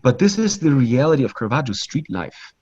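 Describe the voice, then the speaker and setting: A man leading a live online pilgrimage tour of art. He talks in a lively, conversational way, with many fillers and restarts and a habit of asking "right?". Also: medium pitch, a little fast, muffled recording. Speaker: virtual pilgrimage tour guide.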